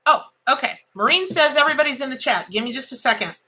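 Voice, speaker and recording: A woman's voice: sits high, expressive, fast, pushed and bright. A middle-aged woman, hosting a casual live-stream tarot reading in a chatty, exclamatory, folksy way.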